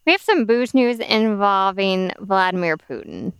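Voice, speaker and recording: A woman's voice: mid-range voice, animated, unhurried, clear, resonant tone, dry recording. A woman co-hosting a casual podcast and presenting drinks news, a little tipsy from wine and talking in a chatty, filler-filled way. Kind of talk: casual chat.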